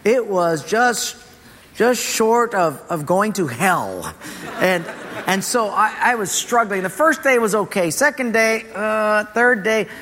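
Animated, bright-voiced preacher in a hall. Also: male voice, high-pitched, slow pace. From Portugal. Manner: humorous, animated storytelling with laughter. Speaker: pastor. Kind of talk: storytelling sermon.

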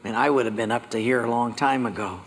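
A male pastor preaching a sermon, telling stories with lively acted-out dialogue. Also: mid-range voice, fast, a little hiss or hum. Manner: animated storytelling, acting out dialogue. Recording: long hall reverb.

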